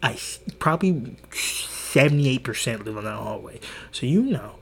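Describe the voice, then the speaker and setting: A man in his twenties hosts a podcast with a medium-pitched, slightly bright, husky voice showing vocal fry, lively intonation and a moderate pace. His casual storytelling rambles and swears, and he restarts and acts out quotes.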